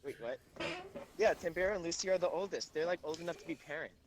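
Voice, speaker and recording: A man's voice: fairly high pitch, quick pace, crowd noise, poor audio. A man playing a tabletop game over a voice call, teasing the others in a playful way. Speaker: player. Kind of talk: casual tabletop chat.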